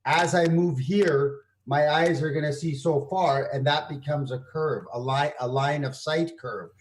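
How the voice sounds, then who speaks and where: A man with a Canadian accent, a guest in a casual debate, insistent and halting as he explains his view. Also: fairly high pitch, a little hiss or hum.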